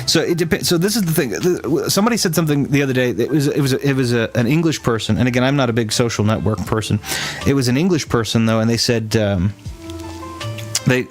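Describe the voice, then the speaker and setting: A man from Texas, a streamer rambling and thinking aloud in casual chat with his viewers. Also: medium pitch.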